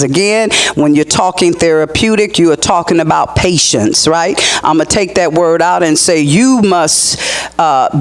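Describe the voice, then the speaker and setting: A man with a notably high voice leads a training workshop in a meeting room, keeping it conversational and quizzing his audience as he goes. He breaks into short acted-out example lines to make his points. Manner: lively, conversational teaching with audience questions; acts out sample phrases and voices while teaching.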